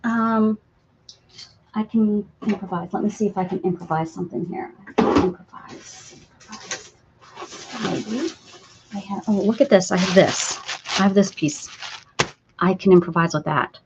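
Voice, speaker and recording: Speaking at a normal speed with frequent pauses, this woman's mid-range voice carries her casual crafting stream from a messy room at home. Between crafts she talks to her audience, says sorry to them, and coos over her pets, all in muffled lo-fi sound with a little background noise.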